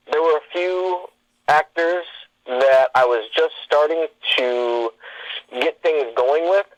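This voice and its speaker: A man's voice: mid-range voice, dry recording. A man speaks as a guest on a talk show and tells stories from his life. He wanders and restarts with lots of fillers. The sound is close and dry, with a slightly dull, lo-fi tone. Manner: rambling, with many fillers and restarts. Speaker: podcast guest. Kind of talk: casual interview storytelling.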